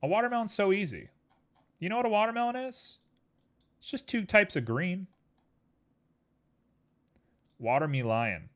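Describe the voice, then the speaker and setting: A man's voice: a little high, sing-song, a little fast. Playful man chatting to his viewers. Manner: playful, jokey, rambling asides to chat. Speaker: streamer. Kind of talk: casual chat while working.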